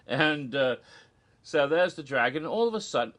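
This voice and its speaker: A man casually recounting a theme-park show in an animated, gossipy way with giggles. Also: fairly high pitch, normal speed. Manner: animated, gossipy, giggles at his own jokes. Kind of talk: casual recap narration.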